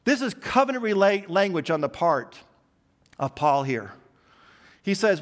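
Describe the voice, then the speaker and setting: A man's voice: high voice, big pitch swings, unhurried. A man preaching a sermon, emphatic and building long repeated lists.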